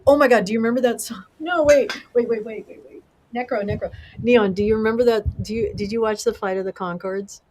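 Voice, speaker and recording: Excitable, rambling middle-aged livestream host. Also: mid-range voice, fairly quick, a little hiss or hum, rough recording. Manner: excitable, rambling, swears freely. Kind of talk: casual livestream chat with viewers.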